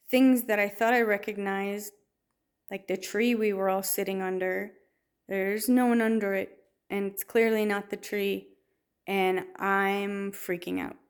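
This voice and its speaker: A woman's voice: medium pitch, clean tone. A woman telling a personal faith story in a storytelling way, with many restarts and fillers. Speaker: testimony speaker.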